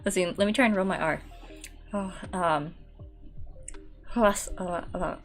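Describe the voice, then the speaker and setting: A woman's voice: on the low side, takes it slowly, faint music behind. A woman streamer chatting casually in a rambling, filler-heavy way while she paints.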